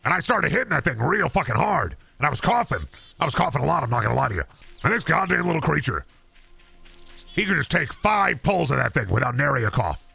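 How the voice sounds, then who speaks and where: A man's voice: big pitch swings, fast, creaky, pushed and bright, breathy edge, faint music behind, exaggerated voice. Man doing a bombastic conspiracy ranter. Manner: bombastic, rambling, salesman pitch. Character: ranting conspiracy-show host selling supplements.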